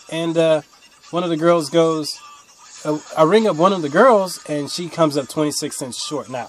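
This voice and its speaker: A young man telling rambling stories to camera in a blunt, casual way, swinging from mutters to loud outbursts. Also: medium pitch, a little hiss or hum. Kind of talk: casual storytelling monologue.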